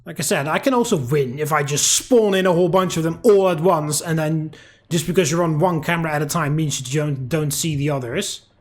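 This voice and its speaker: A man's voice: fairly high pitch, brisk. A man giving profane, angry let's-play commentary while ranting at a game. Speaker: gaming YouTuber.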